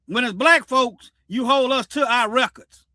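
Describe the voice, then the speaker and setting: Brief: male stream host, preachy and repetitive, sharp high voice. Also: unhurried, no echo, clean studio sound. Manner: preachy, repeats himself, animated. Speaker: livestream host. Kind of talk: casual commentary livestream.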